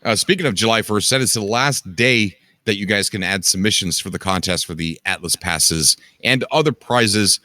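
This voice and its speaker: A man's voice: fairly low pitch, normal speed, hardly any pauses, bright, forceful tone, dry recording. Man, stream host, casual easygoing chat, dry close sound. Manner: friendly and easygoing, lots of "dude" and "man".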